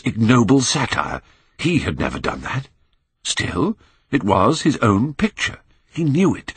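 A man narrates a classic novel in a measured, expressive way with dramatic swells. His voice is deep and husky, recorded close on a studio mic with a dry sound. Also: no room sound. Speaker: audiobook narrator. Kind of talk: scripted literary narration.

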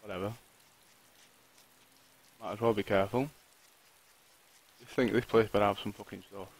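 A man's voice: lowish voice, fairly even intonation, normal speed, poor audio. A man talking to himself while live-streaming a survival game, swearing often and griping at the game. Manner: swears a lot, talks to himself and the game, frustrated outbursts. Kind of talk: live gameplay commentary.

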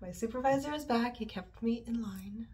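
A woman from Montreal chats casually from her bed, wandering off topic in a confessional way. Her voice sits a little high, and a faint hiss runs underneath. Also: normal speed, darkish tone. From Montreal, Canada. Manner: rambling, digressive, confessional. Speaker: yoga and stretching vlogger. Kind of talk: casual personal vlog chat. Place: her bedroom, sitting on the bed.

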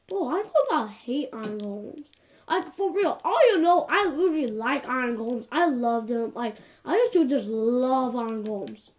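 High, lively woman ranting over gameplay. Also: normal speed. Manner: animated and exasperated, repeats "like, for real". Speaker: gameplay commentator. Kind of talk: casual game commentary.

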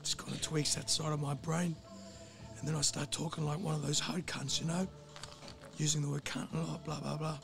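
A hoarse man with a husky voice, chatting casually and rambling before a live stream, swearing freely and losing his train of thought. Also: a little high, little pitch movement, fairly quick, over music. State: hoarse, voice recovering. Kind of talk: casual pre-stream chat. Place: hostel.

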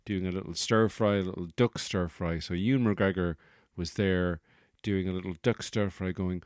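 A man's voice: low-pitched, steady tone, moderate pace, few pauses, darkish tone, dry recording, clean studio sound. A man hosting his own podcast, rambling through a comic monologue, correcting himself as he goes and swearing freely. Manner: digressive, self-correcting, sweary. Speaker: podcast host.

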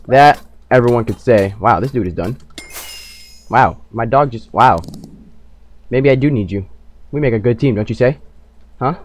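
A young man hosting his own gaming channel, giving playful, trash-talking commentary over his game and bursting into loud shrieks. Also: medium pitch, moderate pace, long pauses. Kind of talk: let's play commentary.

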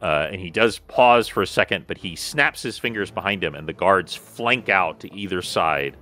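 A man narrating a tabletop game as game master, relaxed and full of fillers and restarts. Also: deep voice, normal speed.

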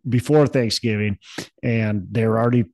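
A man's voice: on the low side, fairly even intonation, normal speed, a little mellow, no echo. A man hosting a podcast in casual chat, rambling and upbeat with plenty of fillers and restarts. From Minnesota. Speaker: podcast host.

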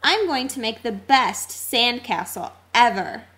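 A woman voicing a cheerful young female dog in a storybook read-aloud, bright and eager. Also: fairly high pitch, sing-song, unhurried, exaggerated voice.

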